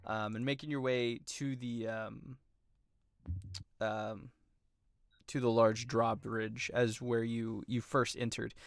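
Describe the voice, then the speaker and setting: A man narrating as game master of a tabletop game, relaxed and filler-heavy. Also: mid-range voice, clean tone, dry recording, clean studio sound.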